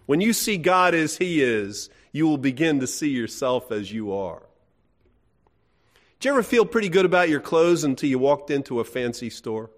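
A man's voice: fairly high pitch, very animated, moderate pace. A middle-aged man preaching a sermon in a folksy, emphatic way, asking his listeners questions. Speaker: pastor.

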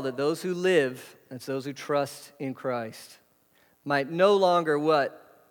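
A pastor preaching a sermon in a conversational way, full of rhetorical questions. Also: male voice, on the high side. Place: church hall. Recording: hall reverb.

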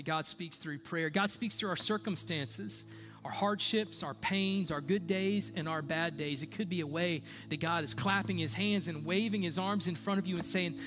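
A man's voice: a little high, normal speed, in a large hall, over music. A man preaching a sermon as a pastor, conversational, repeating key phrases and asking rhetorical questions.

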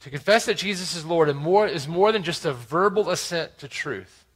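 A man preaching a sermon, explaining scripture verse by verse with frequent "right?" asides, swinging between loud emphasis and quiet asides. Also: a little high, expressive, normal speed, slightly rough, low-quality recording. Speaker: pastor.

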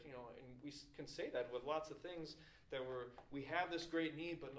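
A man preaching a sermon as a pastor, retelling a story with lively acted-out questions and pauses. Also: a little high. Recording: roomy echo with faint ambient noise.

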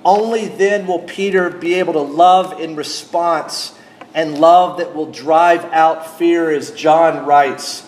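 A middle-aged man preaching a sermon as pastor, speaking deliberately and asking his congregation questions. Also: on the high side, fairly even intonation, reverberant, slight background noise.

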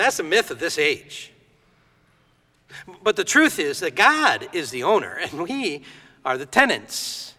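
Bright-voiced male preacher in a reverberant hall. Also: on the high side. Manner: lively storytelling, acts out quoted voices. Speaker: pastor. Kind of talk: sermon.

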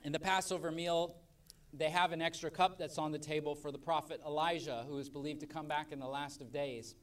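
A man preaching a sermon as pastor at a church service, emphatic, swelling loud and dropping soft. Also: fairly high pitch, fairly even intonation, brisk, distant mic.

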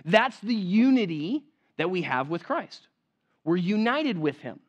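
Male pastor, higher-pitched, delivering a conversational sermon and checking in with the room; slightly muffled recording. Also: big pitch swings, unhurried. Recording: slightly dull, lo-fi sound.

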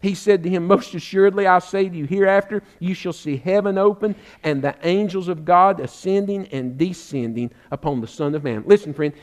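A male pastor delivers a sermon in a fairly high voice. He preaches fervently, repeating words for emphasis and calling listeners friend, and eases into a relaxed, filler-filled storytelling mode. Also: brisk, few pauses.

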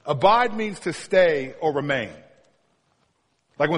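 A man's voice: fairly high pitch, lively intonation, a little slow, slightly rough, big-room sound. A man preaching a sermon as a pastor, telling a story and joking with the congregation. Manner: storytelling, humorous asides to the congregation.

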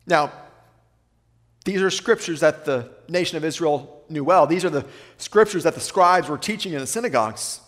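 A man preaching a sermon, asking rhetorical questions and slowing down to read scripture aloud. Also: a little high, animated, long reverb tail. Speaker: pastor.

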